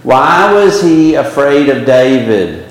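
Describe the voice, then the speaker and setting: A man leads a small Bible study group in a church classroom, speaking slowly in a medium-pitched voice with big swings in pitch. His delivery is casual and conversational, full of fillers and restarts, and the room is very echoey.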